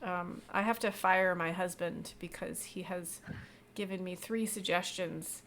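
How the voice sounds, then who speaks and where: A woman narrating as game master, relaxed and chatty with lots of fillers. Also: fairly low pitch, measured pace, a little hiss or hum.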